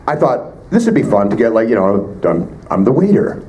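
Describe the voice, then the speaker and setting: A Canadian voice actor answering fan questions at a convention panel, joking with quick asides. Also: male voice, mid-range voice, very animated, mellow, dull audio. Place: convention panel room with audience. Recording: live room with crowd noise.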